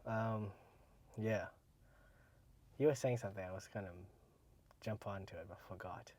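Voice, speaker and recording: A man co-hosting a casual podcast, rambling with many fillers and letting his sentences trail off quietly. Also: on the low side, moderate pace. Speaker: podcast co-host.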